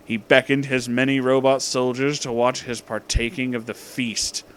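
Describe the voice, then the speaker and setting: A man narrating a comedic fan story aloud in a mock-dramatic, deadpan way. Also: medium pitch, moderate pace, slight background noise. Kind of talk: comedic fan-fiction reading.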